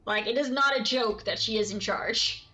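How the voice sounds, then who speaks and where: Bright, laughing woman streamer. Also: on the high side, moderate pace, poor audio. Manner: rambling, laughs often. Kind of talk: casual chat while gaming.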